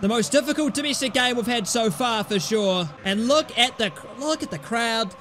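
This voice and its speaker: A young man commentating his own football video game, cheering loudly at goals and swearing at his players. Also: very high-pitched, normal speed, slight background noise. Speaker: gaming YouTuber. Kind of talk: excited gameplay commentary.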